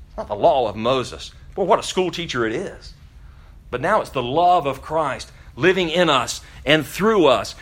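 A pastor preaching a sermon to his church, asking pointed rhetorical questions and swinging between loud emphasis and quiet asides. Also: medium pitch. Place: church during a service.

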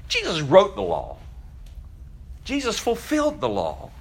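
A pastor preaching a sermon to his church, asking pointed rhetorical questions and swinging between loud emphasis and quiet asides. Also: high-pitched, wildly swooping pitch, measured pace, vocal fry, husky. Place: church during a service.

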